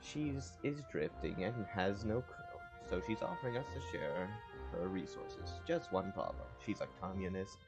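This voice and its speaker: Sex: man. Style: gravelly voice reading game text aloud. Pitch: low. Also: big pitch swings, measured pace, few pauses. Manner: stumbling reading with restarts. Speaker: gamer. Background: game music.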